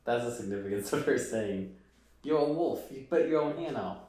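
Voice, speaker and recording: A man's voice: mid-range voice, lively intonation, moderate pace, darkish tone, very echoey, natural voice. An actor playing a man in a film who muses aloud and asks questions. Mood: musing.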